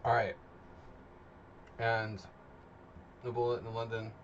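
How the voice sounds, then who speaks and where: A man's voice: lowish voice, completely flat delivery, slow, highs cut off, noisy background. A man hosting a live chess simul stream, chatting casually and rambling to his chat. He is a bit tired after a nap. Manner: rambling, loose and chatty, talking to chat while setting up.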